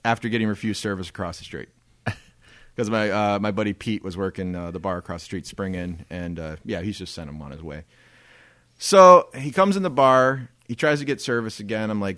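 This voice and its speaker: A man's voice: lowish voice, normal speed, fairly bright tone, dry recording. A man telling a story in a casual podcast chat, swearing freely and laughing often. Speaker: podcast co-host.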